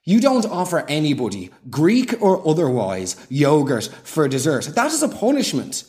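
Sarcastic man ranting, fairly high voice. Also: darkish tone. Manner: sardonic, ranting, exasperated asides. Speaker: comedian. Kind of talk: sarcastic comic monologue.

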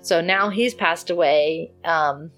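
Woman, lowish voice, casual co-host recapping a plot, faint music bed. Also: takes it slowly. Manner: animated retelling with acted-out quotes and laughter. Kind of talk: casual chat recapping a story.

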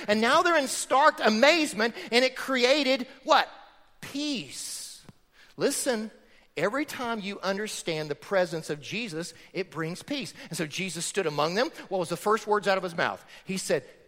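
Throwing rhetorical questions at the congregation, this pastor preaches with great emphasis in a high, pushed, bright voice. The recording carries a large hall's long reverb.

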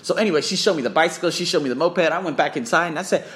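A man telling a travel story in a casual vlog, profane and excitable, swearing freely as he talks. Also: fairly high pitch, racing. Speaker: vlogger and English teacher.

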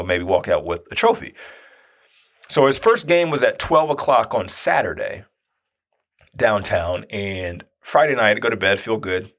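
Husky fortysomething guy telling a personal story, chatty, keeps asking "right?". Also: on the low side. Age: 40s. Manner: conversational, animated, often checks in with "right?". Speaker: speaker and youth basketball coach.

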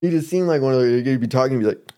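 A man's voice: medium pitch, racing, warm tone. A man telling a casual story as a podcast guest, laid-back and slangy, mimicking people he quotes. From Arizona.

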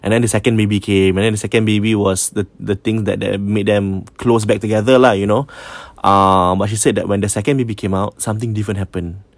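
A man with a Singaporean accent casually retelling a ghost story, switching between English and Malay, jumping up in pitch when quoting and dropping to a hush at the eerie parts. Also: fast, hardly any pauses, dry recording. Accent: Singaporean Malay-English mix. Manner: code-switching, animated when quoting, trailing hushed asides. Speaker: storyteller host.

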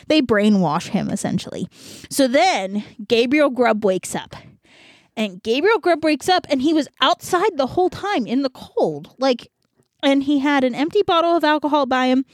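A woman's voice: high voice, expressive, normal speed, no room sound, clean studio sound. A young woman hosting a podcast, casually retelling a story with a rambling, giggly manner and many fillers. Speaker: podcast host. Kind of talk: casual chat.

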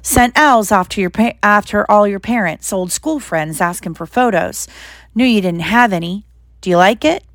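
A woman's voice: mid-range voice, expressive, normal speed, no room sound, natural voice. Lady reading as hagrid, huge bearded gamekeeper, blubbering, kind, audiobook. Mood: gentle. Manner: sobbing, broken rustic speech.

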